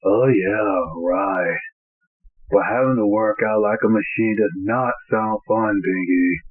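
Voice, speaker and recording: A man's voice: on the low side, slow, breathy edge. A man doing a weary, blunt young guy. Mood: exasperated. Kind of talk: amateur fan fiction reading. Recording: tinny, phone-like lo-fi audio.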